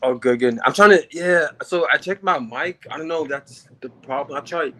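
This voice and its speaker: Call-in guest, male, slightly high voice, relaxed and slangy, mic level very low. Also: moderate pace, crowd noise, poor audio. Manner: easygoing, laughing, slangy. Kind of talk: casual chat on a call. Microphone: remote call with a very quiet mic.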